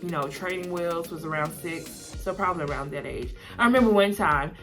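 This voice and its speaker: A woman's voice: lowish voice, brisk, music in the background. A young woman with a Southern American accent, rambling casually through a get-to-know-me video, with lots of "like" and frequent laughs. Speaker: vlogger.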